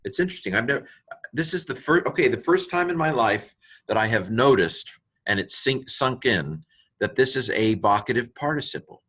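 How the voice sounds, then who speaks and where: A man's voice: medium pitch, lively intonation, moderate pace, a bit bright, breathy edge. A man teaching Greek in an informal walkthrough, thinking aloud as he parses each word with frequent ums and asides, delighted by small grammar finds.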